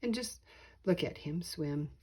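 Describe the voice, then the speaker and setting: A woman's voice: low voice, expressive, unhurried, background noise. A woman doing Mister Bird, an easygoing father bird. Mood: reassuring.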